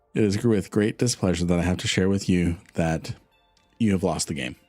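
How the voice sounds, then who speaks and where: A man voicing a grave announcer who delivers bad news in a slow, mock-solemn way. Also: sits low, a little mellow, dry recording, soft background music, voice pushed down.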